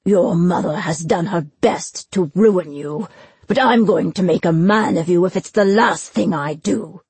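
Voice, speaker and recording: A woman's voice: fairly low pitch, a little slow, darkish tone, husky, no room sound, heavily acted. A woman narrator voicing a brutal, mocking army general who threatens a young man. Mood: menacing. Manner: menacing, taunting. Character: brutal middle-aged male general, cruel and mocking.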